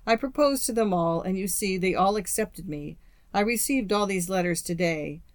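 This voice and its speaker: A brooding young gentleman speaks with bitter, offhand coolness, as an audiobook reader puts him on. The sound is dry and close, with no room around it. The pitch sits in an ordinary middle range. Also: normal speed, dry recording, close to an everyday voice. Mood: cool. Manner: bitter, feigned indifference. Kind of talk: audiobook character reading.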